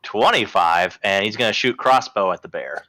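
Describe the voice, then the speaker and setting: A man's voice: fairly low pitch, moderate pace, sharp tone. A man playing a tabletop game, talking in a matter-of-fact way as he counts out his moves. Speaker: player. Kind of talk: casual tabletop game chat.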